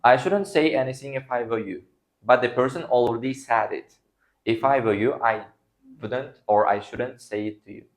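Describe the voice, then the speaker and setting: A man's voice: medium pitch, moderate pace. A man whose first language is Uzbek, teaching an English grammar lesson to a class and acting out example sentences. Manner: acts out example sentences, non-native phrasing.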